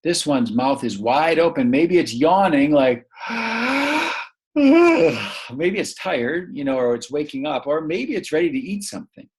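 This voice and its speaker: A man teaching a young English learner, reading a picture book aloud slowly and asking many encouraging questions. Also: a little high, very animated, darkish tone. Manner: slow, encouraging, full of questions.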